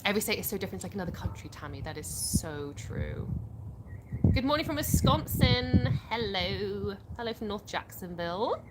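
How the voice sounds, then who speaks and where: A woman's voice: medium pitch, animated, moderate pace, very noisy. A young English woman from England hosting a casual livestream on her phone outdoors, chatting and reading viewer comments aloud with easy laughter. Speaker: livestream host.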